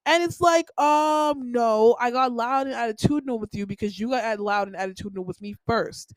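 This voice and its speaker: A woman's voice: a little high, brisk, few pauses, dry recording, poor audio. A young woman hosting a podcast, telling a personal story in a rambling, heated way with lots of filler words. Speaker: podcast host.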